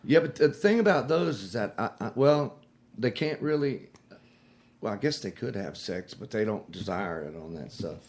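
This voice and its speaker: A man's voice: on the low side, expressive, normal speed, a little mellow. Man telling a story in a drawl. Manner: storytelling, acts out voices of the people in his story. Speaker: podcast host. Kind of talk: casual chat.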